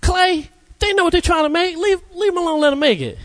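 A man's voice: extremely high pitch, fairly quick, a bit bright, voice pushed up. A man voicing an exasperated bystander who tells a piece of clay to leave the artist alone. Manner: exasperated, incredulous. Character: exasperated male onlooker scolding the clay.

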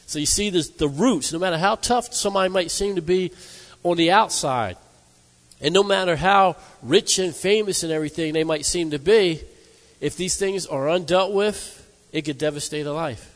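Man, preacher, sermon, emphatic, calls for amens, slightly high voice, long hall echo. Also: moderate pace. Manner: emphatic, asks the congregation "amen?".

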